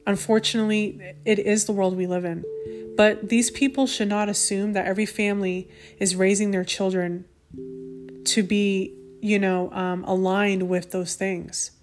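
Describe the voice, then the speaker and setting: A woman's voice: medium pitch, level tone, moderate pace. Woman podcast host, 30s-40s, indignant casual monologue over faint background music. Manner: indignant, talks with many restarts and asides.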